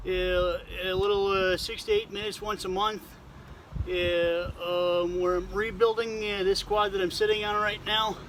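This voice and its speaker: A man hosting his own vlog in a casual, halting way, with a congested, nasal voice and many fillers. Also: high voice, a bit bright, a little hiss or hum. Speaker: vlog host.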